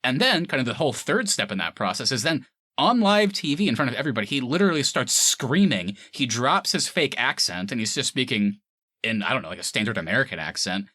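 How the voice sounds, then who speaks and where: A man chatting about a film on a podcast, lively and animated, often slipping into quoted voices. His voice is bright and swings up and down a lot. The sound is dry and close. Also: medium pitch, fast, no echo. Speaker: podcast co-host reviewing a film. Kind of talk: casual chat.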